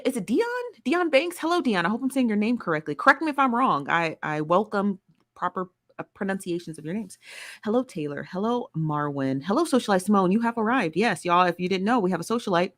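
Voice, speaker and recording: A woman's voice: medium pitch, animated, a little fast, a bit bright. A woman hosting a live stream, chatting casually and playfully while greeting viewers by name.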